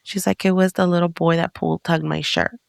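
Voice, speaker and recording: A woman's voice: lowish voice, fairly even intonation, fairly quick, vocal fry, no room sound, clean studio sound. A woman co-hosting a podcast tells a story casually. She rambles with lots of fillers and acts out the quotes. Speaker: podcast co-host.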